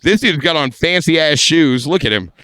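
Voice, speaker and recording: A stand-up comedian telling a crude story in a podcast studio, with a brash, animated delivery. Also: male voice, on the high side, normal speed, no echo.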